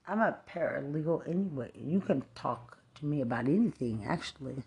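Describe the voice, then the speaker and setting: A woman's voice: sits low, dark tone. A woman from Texas, delivering a profane, rambling rant, angry and cursing as she jumps from one thought to the next.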